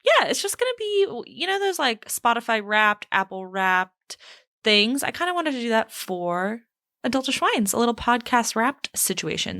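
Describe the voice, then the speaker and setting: A young woman hosting a casual solo podcast from a small home studio, talking in a chatty, animated way. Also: a little high, no echo. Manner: chatty and animated, with big swoops up for quoted voices. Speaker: podcast host.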